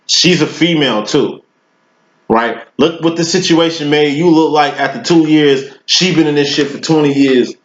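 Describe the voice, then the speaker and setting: Man giving a slangy tarot reading. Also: on the high side. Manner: loose, slangy and profane, with rambling analogies. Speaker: tarot reader. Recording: roomy, dull lo-fi recording.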